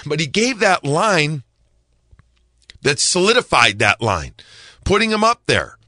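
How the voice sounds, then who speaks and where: A man's voice: a little high, very animated, slow, pushed and bright, no room sound. A man giving hockey analysis on a podcast, emphatic and repeating himself to stress a point. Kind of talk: podcast sports talk.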